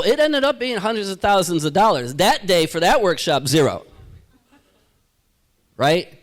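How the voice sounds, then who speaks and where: A man giving a live keynote to an audience as a motivational speaker, energetic and rhetorical, tagging his points with "right?". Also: high-pitched, normal speed, long pauses. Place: event hall.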